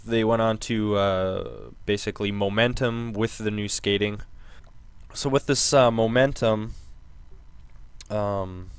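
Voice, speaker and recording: Man, low pitch, slight hoarseness, casual rambling recap, filler words, dry close recording. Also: dry recording. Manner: rambling, many ums and restarts. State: losing his voice. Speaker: gaming channel host. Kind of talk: casual game news recap.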